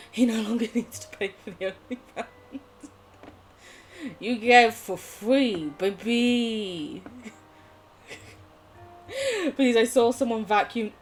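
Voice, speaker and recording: Giggly young woman streaming a game. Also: fairly high pitch. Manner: bubbly, giggly, swearing, chatting to viewers. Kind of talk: casual live gameplay chat.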